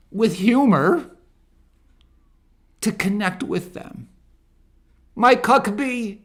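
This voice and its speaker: A man delivers a ministry monologue at an unhurried pace. His voice has a gravelly, fried edge, and he pushes up into loud, emphatic preaching. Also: fairly high pitch. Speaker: ministry speaker.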